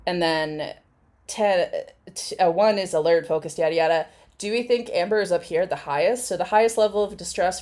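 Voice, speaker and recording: A woman's voice: fairly low pitch, darkish tone. A woman hosting a casual live chat, rambling and swearing freely as she reacts to clips. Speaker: host.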